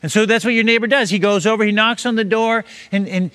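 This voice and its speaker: A man's voice: sits high, steady tone, quick pace, a bit bright. A man preaching, building a long parable scene by scene and urging the listener to imagine it. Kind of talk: sermon told as a long parable.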